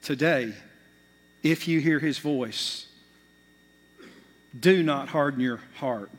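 A male pastor preaching a sermon, swinging between loud, urgent bursts and quiet, hushed asides. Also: a little high, slow. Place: church sanctuary. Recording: long reverb of a large hall.

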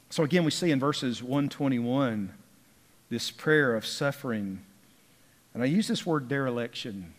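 A man's voice: medium pitch, lively intonation, measured pace. A man preaching a sermon with emphasis, drawing out key words and rising in force when he reads scripture. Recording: long reverb of a large hall.

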